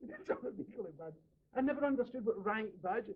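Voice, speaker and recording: A Glaswegian man reminiscing casually in an interview, telling animated stories and laughing often. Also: sits high, rapid-fire. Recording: dull lo-fi radio recording.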